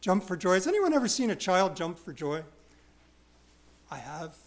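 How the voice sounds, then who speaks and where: A man preaching a verse-by-verse sermon in a high, light voice. He hammers his points home by repetition and swings from loud, drawn-out emphasis to quiet asides about himself. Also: very animated. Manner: emphatic, repeats key words, self-deprecating asides. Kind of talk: expository sermon.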